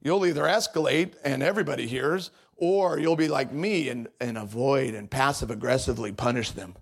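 A man's voice: medium pitch, normal speed, gravelly. A man preaching a sermon in a conversational, confessional way. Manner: conversational, confessional, mimics voices in anecdotes.

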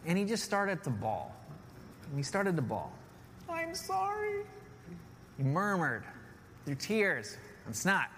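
Earnest preacher in a reverberant hall. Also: male voice, a little high, big pitch swings, measured pace. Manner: earnest, repeats key phrases with "right?". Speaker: pastor. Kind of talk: sermon. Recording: long hall reverb, faint noise.

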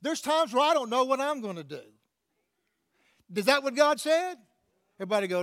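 A man preaching a sermon in a strikingly high voice. He calls out to the congregation for responses and often restarts his sentences, repeating words as he goes. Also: animated, moderate pace, long pauses, a bit bright. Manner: preaching with call-outs to the congregation. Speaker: pastor.

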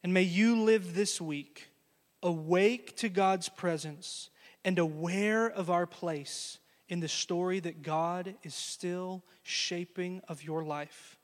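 A man preaching a sermon, telling a story earnestly and closing with a quiet blessing. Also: sits high, slow pace, in a large hall. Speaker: pastor.

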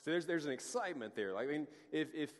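A man's voice: a little high, expressive, quick pace. Man preaching casually in a reverberant hall. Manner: conversational, with many restarts and acted-out asides. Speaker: pastor. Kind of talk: casual sermon.

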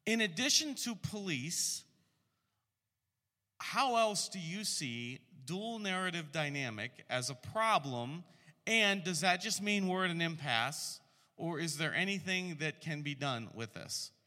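A man posing a question to a speaker at a public panel, in a measured questioning manner. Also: a little high, lively intonation, bright, forceful tone. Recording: reverberant hall.

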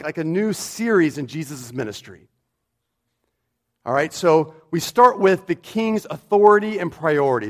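A pastor preaching a sermon in a church, emphatic and repeating his key phrases for weight. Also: a little high.

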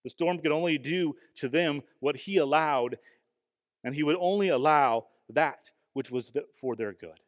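A man preaching a sermon in an earnest, emphatic way, often pausing with fillers and restarting his phrases. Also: fairly high pitch. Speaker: pastor. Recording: long hall reverb.

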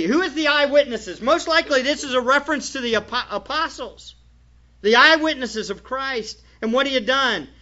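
Bright-voiced preaching pastor, lo-fi. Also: male voice, high-pitched. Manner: emphatic preaching with rhetorical questions. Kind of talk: sermon. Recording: dull lo-fi church recording.

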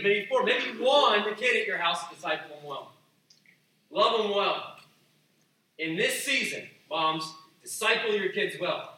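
A male preacher delivers a sermon in a casual, emphatic way, swinging into loud acted-out asides. His voice is fairly high and very bright. It echoes heavily around a large room, picked up from some distance over a faint background hum.

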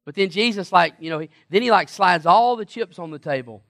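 A man's voice: high-pitched, lively intonation, a little fast, fairly bright tone. A man preaching a sermon in a conversational, emphatic way and asking the congregation questions.

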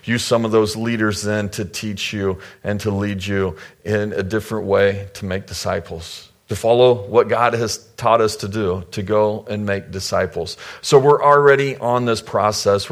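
A man's voice: lowish voice, fairly even intonation, normal speed, hardly any pauses. A middle-aged male pastor giving a conversational sermon to his church, acting out the people he quotes with sudden jumps in voice.

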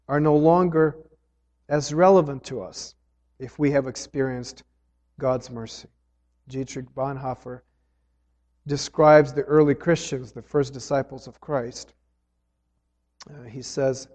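A man preaching a sermon, earnest, rising loud on key phrases and dropping low between them. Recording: dull sound with long hall reverb.

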